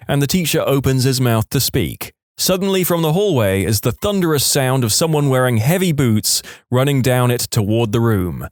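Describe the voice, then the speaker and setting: Lively male story narrator. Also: mid-range voice, no echo, clean studio sound. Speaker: narrator reading online stories. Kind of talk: scripted narration.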